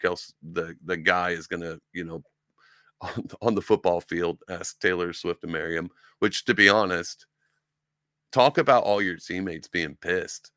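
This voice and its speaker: A man's voice: sits low, unhurried, pushed and bright, dry recording, clean studio sound. A man hosting a solo talk show, rambling and sarcastic, with lots of ums and restarts. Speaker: podcast host. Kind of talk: casual solo commentary. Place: room with sci-fi collectibles behind him.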